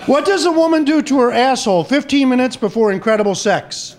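A man doing stand-up, telling joke after joke at a brisk pace and shouting the punchlines in character. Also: extremely high pitch, crowd noise. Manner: brisk punchline delivery, voices shouted golfer lines. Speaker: stand-up comedian.

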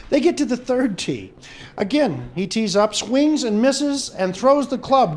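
Stand-up comic, man, very high and lively voice, quick joke delivery. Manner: brisk punchline delivery, voices shouted golfer lines. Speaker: stand-up comedian.

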